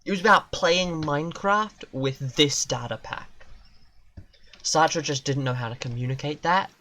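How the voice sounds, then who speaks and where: Young male game streamer, slightly high voice, unhurried delivery, swears a lot and rambles off on absurd tangents. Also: bright, forceful tone, a little hiss or hum. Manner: rambling, profane, absurdist musings. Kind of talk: casual gaming commentary.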